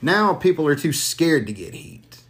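Profane storytelling podcast man, slightly high. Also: big pitch swings, normal speed. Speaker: podcast host. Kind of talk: casual podcast chat.

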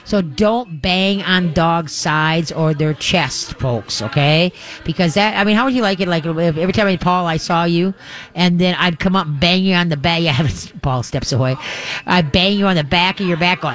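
A chatty radio host, a man with a voice a bit higher than most men's. He rambles in a folksy way and slips into playful voices for dogs and their owners. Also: moderate pace, a bit bright. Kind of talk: live call-in radio chat. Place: live broadcast at a pet store.

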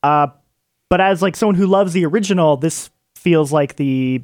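A man chatting casually as a podcast panelist in a rambling, relaxed way. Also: on the high side, moderate pace, no echo, studio quality. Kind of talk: casual chat.

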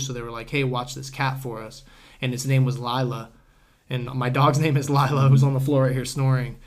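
A young man, a podcast guest, telling a long story in a loose, rambling way full of "dude," "bro," and casual swearing. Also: mid-range voice.

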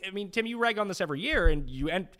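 A man in his thirties co-hosting a casual sports betting chat, animated and joking. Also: high-pitched, racing.

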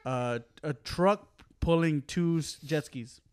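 A man co-hosting a podcast in casual chat, relaxed and filler-heavy, laughing as he tells a driving story. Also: a little high, slow pace, smooth. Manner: relaxed, laughs often, says "like" and "dude". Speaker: podcast co-host.

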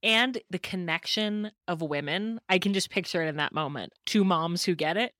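A woman hosting a podcast, with a low, deep voice and an affirming, encouraging way of speaking. The sound is dry and close, with no room echo. She talks in a relaxed, conversational tone. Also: moderate pace. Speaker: podcast host.

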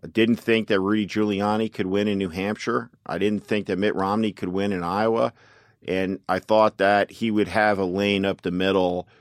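This man, a political campaign strategist, speaks at a moderate pace with a fairly low, flat delivery, heard in clean studio sound without room noise. In an interview, he tells stories, quotes others at length, and drops frequent "you know"s.

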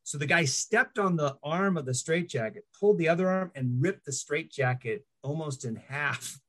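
A man's voice: fairly high pitch, moderate pace. A middle-aged man telling stories in a casual interview, acting out the voices of people he quotes. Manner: animated anecdotes, acts out quoted voices. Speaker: guest.

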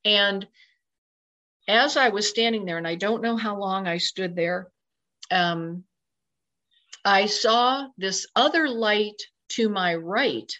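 A woman's voice: mid-range voice, slow pace, long pauses, pushed and bright. Woman telling a vivid personal account. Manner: vivid storyteller, acts out her own inner thoughts. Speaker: interview guest. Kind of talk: personal account told in conversation. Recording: slightly dull lo-fi recording.

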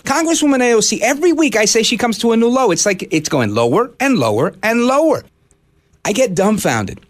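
A man hosting a talk radio show from a studio, delivering an indignant, animated monologue. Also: sits high, fairly quick.

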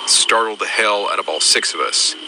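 A man calmly narrating soldiers' eerie accounts in a scripted storytelling style. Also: on the low side, brisk, heavy background noise. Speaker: narrator of a military paranormal podcast.

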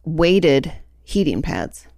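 A woman's voice: low voice, very animated, extremely slow, darkish tone, no echo, studio quality. A young adult woman co-hosting a podcast, chatting casually and rambling through stories with lots of fillers. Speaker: podcast co-host. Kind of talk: casual chat.

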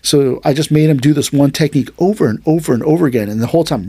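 Here a male aikido teacher and podcast host rattles off a story at rapid-fire speed during a casual martial arts chat. His voice runs a little high with a breathy edge, there's no echo, and he animatedly acts out the characters' words.

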